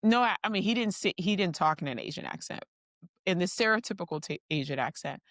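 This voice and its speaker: Lower-voiced chatty woman co-host. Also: animated, quick pace, fairly bright tone, dry recording, studio quality. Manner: chatty storyteller, laughs through her stories. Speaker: podcast co-host. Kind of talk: casual chat.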